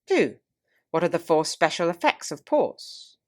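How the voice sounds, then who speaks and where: A woman narrates an audiobook chapter in a measured, deliberate manner. Her voice sits a little on the low side, and she gives expressive emphasis to key phrases. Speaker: audiobook reader, toastmaster.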